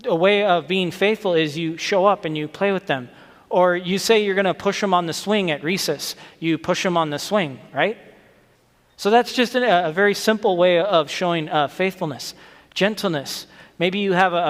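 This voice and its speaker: A man's voice: fairly high pitch, a bit bright. Man giving a children's sermon in a reverberant church. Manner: friendly, question-asking, with frequent restarts. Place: church sanctuary.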